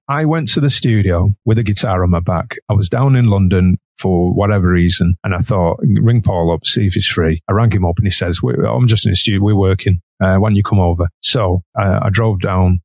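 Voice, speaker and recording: A man with a Manchester accent spins an anecdote as a musician guest, chatty and quick to laugh between sentences. His voice sits low with a gravelly fry, and the sound is dry and close. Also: no room sound. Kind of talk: anecdotal storytelling.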